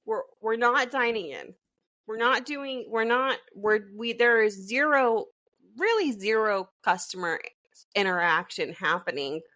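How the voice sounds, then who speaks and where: A woman podcast co-host telling a story in casual chat over a video call, animated and laughing as she goes. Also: fairly high pitch.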